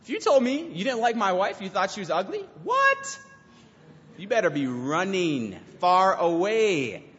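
A young man, a youth pastor, giving an animated sermon and acting out quotes from teens and God. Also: high-pitched, normal speed, hardly any pauses. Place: church hall. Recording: dull lo-fi recording with hall reverb.

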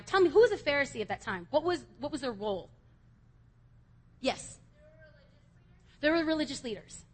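High-voiced woman preaching an emphatic youth sermon. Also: big pitch swings, moderate pace, pauses often. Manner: emphatic, swings from loud exhortation to quiet confession. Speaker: youth speaker. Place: church youth service before a crowd.

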